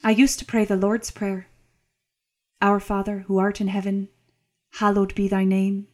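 A woman's voice: medium pitch, flat delivery, a little slow, darkish tone, close to an everyday voice. A woman voicing a curious young servant woman in an audiobook, speaking earnestly.

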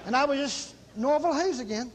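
A man preaching a sermon, telling stories in an animated, exclamatory, folksy way. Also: very high voice, fairly quick, heavy background noise. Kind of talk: storytelling sermon.

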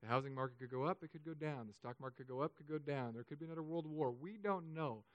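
A man preaching a sermon as pastor, emotional, swinging between loud urging and soft, hushed stretches. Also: fairly high pitch, quick pace, no echo, lo-fi sound.

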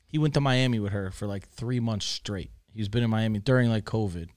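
A man's voice: lowish voice, a little fast, darkish tone. Profane man telling a crude story. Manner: laughs through his own story. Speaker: guest storyteller. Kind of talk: casual podcast chat.

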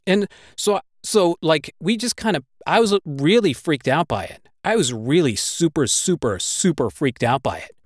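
Speaking at a moderate pace with hardly any pauses, a man with a slightly high, animated voice tells a gripping personal story laced with constant swearing, breathless as the words tumble out. He becomes emotional and worked up, his delivery heavy at times. The sound is dry and close, with no room around it.

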